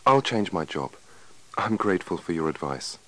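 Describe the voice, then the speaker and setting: A man's voice: low voice, very animated, moderate pace, bright, forceful tone, full character voice, rough recording. A man voicing an anxious, worried patient. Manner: plaintive, anxious pleading. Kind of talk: scripted dialogue reading for learners.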